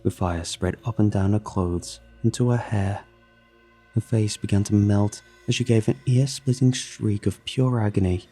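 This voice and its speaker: A man reading a horror story aloud in a measured, steady narration. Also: lowish voice, husky, soft background music.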